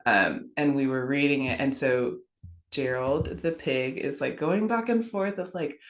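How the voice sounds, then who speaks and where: A woman's voice: rumbling low, measured pace. A woman in her thirties chatting casually on a podcast about children's books, telling stories and laughing often. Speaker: guest. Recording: echoey room.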